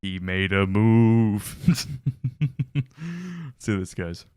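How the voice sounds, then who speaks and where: A man's voice: low voice, fairly even intonation, slow pace, over music. A man hosting a casual reaction commentary, wry and incredulous, laughing often. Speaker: reaction video host.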